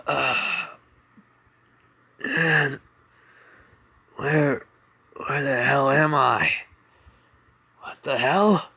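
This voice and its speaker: A brash young male hero with a raised, loud voice who swears without a second thought, put on by a man telling a fan story. He sounds blunt and crude, snapping at anyone near him. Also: mid-range voice, fairly even intonation, extremely slow, vocal fry, long pauses, breathy edge, pitched above the performer's own voice, heavily acted. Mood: groggy. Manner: curses casually, shouts when annoyed.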